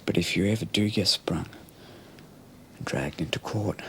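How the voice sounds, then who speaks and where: An actor playing a leering, menacing Australian criminal who talks crudely and often drops into a rasping whisper. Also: male voice, low-pitched, normal speed, a bit bright, slight background noise. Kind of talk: TV police drama acting.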